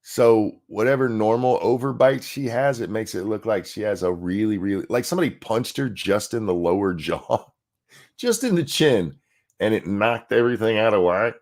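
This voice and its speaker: Brief: man, sarcastic political ranter, gravelly, lively pitch swings. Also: normal speed. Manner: sarcastic, profane, mocking mimicry. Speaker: political commentary host. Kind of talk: ranting political commentary over video clips.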